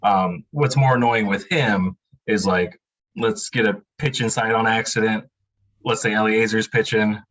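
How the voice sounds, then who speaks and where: Podcast guest: easygoing man with a lowish voice, wry and rambling. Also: steady tone, a little slow, a bit bright, low-quality recording. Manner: laid-back, wry, rambling with many fillers. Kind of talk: casual podcast chat.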